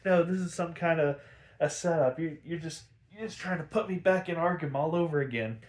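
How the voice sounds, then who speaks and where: A man's voice: a little high, fairly quick, reverberant, pitched above the performer's own voice, close to an everyday voice. Panicky paranoid woman crook, played by a man, frantic and accusing. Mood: panicked.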